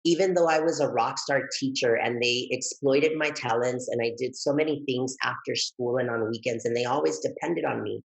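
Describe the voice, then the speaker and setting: A man guesting on an interview, telling his story in a lively, expressive way that jumps high when he gets excited. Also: moderate pace, creaky, few pauses, poor audio. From Texas, United States. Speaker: guest, educator and author.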